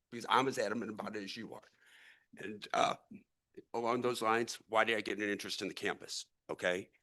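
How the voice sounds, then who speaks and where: Earnest rambling man with a bright voice. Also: mid-range voice. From St. Louis area, US. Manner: earnest, rambling, repeats and restarts words. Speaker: real estate investor addressing a public meeting. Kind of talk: impassioned public speech. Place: city council meeting room.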